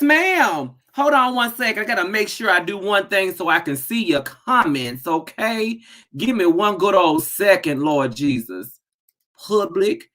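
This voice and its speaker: A woman hosting a casual live stream from her home office, greeting viewers by name and bursting into excited shouts. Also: medium pitch. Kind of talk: casual chat.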